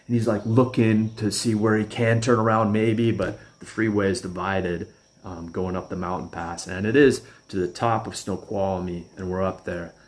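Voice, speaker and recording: A man's voice: lowish voice, fairly even intonation, normal speed. A man casually telling a personal story, rambling and chuckling as he goes. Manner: rambling, chuckling, restarts often.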